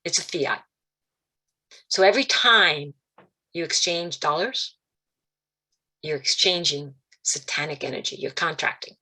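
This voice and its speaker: Animated, bright-voiced woman on a video call. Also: measured pace, long pauses. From Italian-American, Calabrese roots. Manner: animated storytelling, quotes voices with big pitch jumps. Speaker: guest speaker. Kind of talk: spiritual talk on a video call.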